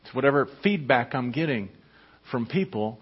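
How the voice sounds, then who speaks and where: A pastor preaching a sermon, emphatic and conversational, often asking the listeners questions. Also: male voice, mid-range voice, lively intonation, normal speed, breathy edge. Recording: echoey hall, dull lo-fi sound.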